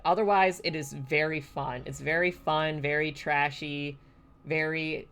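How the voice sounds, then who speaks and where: A woman's voice: sits low, vocal fry, fairly bright tone. A woman live-streaming a game, chatty and casual, who squeals and swears when something surprises her. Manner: chatty and casual, laughs often.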